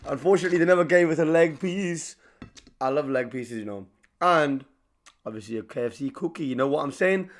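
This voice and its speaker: A man's voice: on the high side, brisk. A young man, chatting casually to camera while eating in a mukbang vlog. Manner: chatty, eats between lines. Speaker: vlogger.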